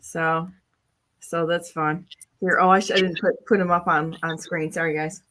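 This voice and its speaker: Bright-voiced female co-host. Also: lowish voice, level tone, normal speed, slight background noise. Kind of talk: casual chat.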